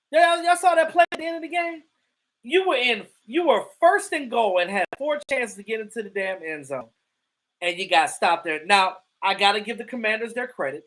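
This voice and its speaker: A man hosting a livestream, talking football in a casual, profane and animated way, often stammering and restarting his sentences. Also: high voice, rough recording. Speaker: livestream host. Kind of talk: casual sports talk.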